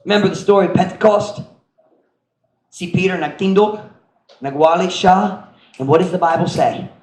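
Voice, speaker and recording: A middle-aged man preaching a sermon as pastor, animated, acting out voices and sound effects and mixing in Cebuano phrases. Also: high voice, normal speed. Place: church sanctuary. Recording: echoey church room with faint noise.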